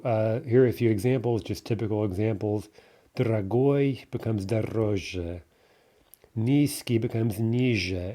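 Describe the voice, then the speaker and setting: A man's voice: on the low side, mellow. A man teaching a recorded language lesson, explaining patiently with frequent "right?" checks and filler sounds. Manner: explanatory, repeats "right?" often, hesitant fillers.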